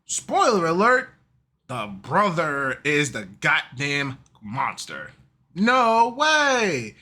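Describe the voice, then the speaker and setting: A man hosting a casual manga and game recap, talking in an animated, slangy way and laughing often. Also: on the high side, drawn-out words. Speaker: YouTube host.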